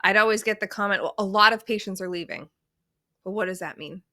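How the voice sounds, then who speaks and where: Bright, dry-voiced woman podcast co-host. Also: medium pitch, dry recording. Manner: conversational, fires off quick practical questions. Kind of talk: casual conversational podcast.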